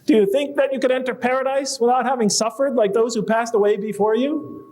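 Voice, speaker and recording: High-voiced man lecturing. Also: steady tone, fairly quick, a little mellow. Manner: conversational, posing rhetorical questions and quoting verses. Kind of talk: public lecture to a live audience.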